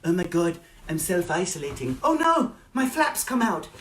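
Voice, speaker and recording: A man voicing a vain young female influencer, whiny and self-pitying, in a high breathless voice. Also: very animated, normal speed, a bit bright, a little hiss or hum.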